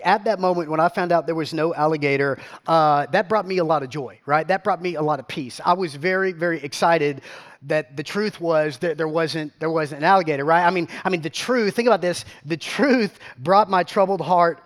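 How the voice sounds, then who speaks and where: Animated high-voiced pastor. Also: male voice, brisk. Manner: animated, repeats words, asks the crowd questions. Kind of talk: storytelling sermon.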